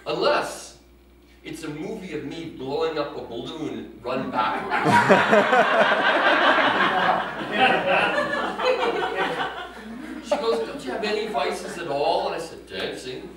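A man performing a stand-up comedy set in a prim, self-mocking deadpan style, heard from a distance in an echoey room with audience laughter behind him. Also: fairly high pitch, slow, pauses often. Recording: echoey room recorded from afar with audience noise.

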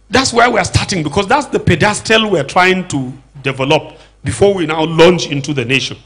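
A man's voice: high voice, fairly bright tone, breathy edge. A middle-aged Nigerian man with a Nigerian accent gives an earnest church lecture, asking rhetorical questions and repeating words as he searches for a phrase. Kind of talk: public lecture to a church audience.

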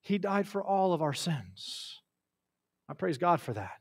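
A man delivers a sermon in a higher-than-usual voice. He preaches with passion, swinging between loud, ringing declarations and soft, hushed phrases. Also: big pitch swings, unhurried, slightly rough.

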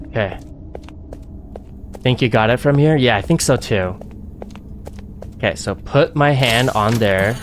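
A man giving live gameplay commentary as a streamer, excitable and panicky, laughing often. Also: medium pitch, measured pace, pauses often, background noise. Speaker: game streamer.

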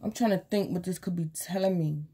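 A woman gives a casual tarot reading, addressing the viewer directly and acting out lines from imagined people. Her voice is lowish, brisk, and mellow with a slight roughness.

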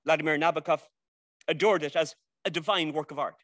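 A man's voice: a little high, steady tone, a little fast, a bit bright, dry recording. Wry Irish man making a speech. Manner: wry, rhetorical, with dry jokes and long lists. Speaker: debate speaker championing a classic novel; university teacher. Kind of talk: prepared persuasive speech. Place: indoor library event before an audience.

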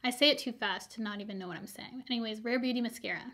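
A woman beauty vlogger reviewing used-up products in a chatty, upbeat way, her voice a little hoarse from filming all day. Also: a little high, rapid-fire, pushed and bright. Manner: chatty, upbeat, rambling asides. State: slightly hoarse, losing her voice.

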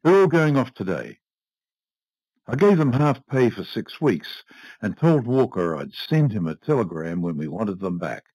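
A man's voice: on the low side, very animated, measured pace, a little mellow, no echo, full character voice, rough recording. A man voicing a cold, domineering old husband who speaks curtly and dismissively. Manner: curt, dismissive, clipped.

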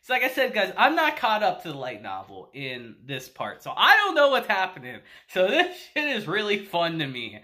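A man's voice: high voice, huge pitch swings, normal speed, few pauses, pushed and bright. A man casually reviewing an anime episode, laughing often, swearing, and acting out quotes.

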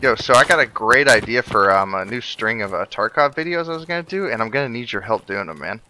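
A man in casual gaming chat with friends, crude and quick to laugh. His pitch swings a lot as he talks. Game noise sits clearly behind his voice. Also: animated. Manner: crude, joking, laughs often. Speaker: streamer and squad member.

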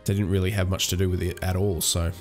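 A man's voice: low-pitched, flat delivery, quick pace, a little mellow, faint music behind. A young man chatting casually while playing a video game, rambling with many fillers and restarts. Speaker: gaming channel host. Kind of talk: casual let's-play commentary.

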